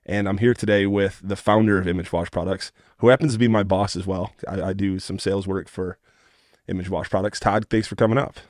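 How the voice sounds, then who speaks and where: A man with a Midwestern American accent hosting a podcast, asking questions in a relaxed, conversational way. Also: low voice, brisk, no echo, studio quality. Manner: upbeat announcer delivery in the intro, relaxed conversational questions after. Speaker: podcast host. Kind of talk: scripted show intro, then casual interview.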